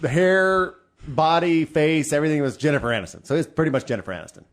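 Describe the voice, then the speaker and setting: A man's voice: a little high, fast. A man co-hosting a raunchy podcast, needling his co-host with jokey questions. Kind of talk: raunchy casual chat. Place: studio.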